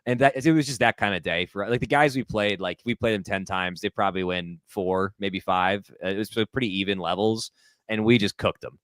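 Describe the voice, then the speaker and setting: Smooth low-voiced man, easygoing. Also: fairly quick, fairly bright tone, dry recording. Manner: easygoing, fond of puns. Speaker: co-host and doubles player. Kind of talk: casual live-stream chat.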